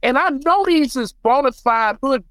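An American man, a beatmaker guest on a podcast, telling stories in an animated, emphatic way. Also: very high voice, moderate pace, dry recording, low-quality recording. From United States. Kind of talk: casual podcast chat.

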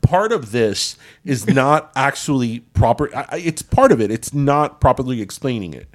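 A man's voice: mid-range voice, expressive, moderate pace. A man, co-hosting a podcast and telling a story in casual chat, slipping into Spanish phrases. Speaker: podcast co-host.

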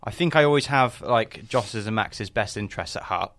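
Blunt, low-voiced man chatting. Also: animated, normal speed, fairly bright tone, dry recording. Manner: blunt, swears casually, laid-back. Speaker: podcast co-host, business owner. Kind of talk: casual chat.

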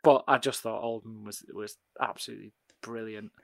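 A man's voice: lowish voice, fairly quick, creaky, no echo. A man co-hosting a podcast, chatting casually about films with laughter and restarts. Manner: animated, laughing, trailing restarts. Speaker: podcast co-host. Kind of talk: casual film chat.

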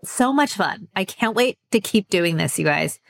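A woman co-hosting a beauty podcast, chatting casually in a relaxed, wry way. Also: medium pitch, normal speed, gravelly. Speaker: podcast co-host, beauty editor.

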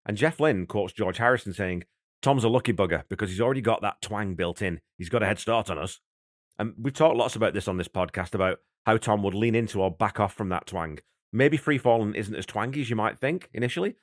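Low-voiced man hosting a music podcast. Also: no room sound, clean studio sound. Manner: thoughtful, conversational, enthusiastic about music. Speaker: podcast host. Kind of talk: podcast song breakdown.

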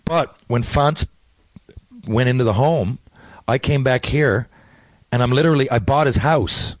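A man's voice: medium pitch, unhurried, no room sound. A middle-aged man from Newfoundland with a Newfoundland accent, a guest telling stories in a loose, rambling way with many restarts, talking remotely from his home. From Newfoundland, Canada. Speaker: actor, guest. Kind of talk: casual interview chat. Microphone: remote interview from home.

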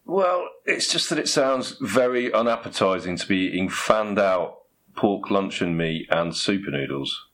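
A man's voice: low-pitched, expressive, a little slow, a bit bright. A man playing straight man in a comedy chat, dry and sceptical, asking pointed questions.

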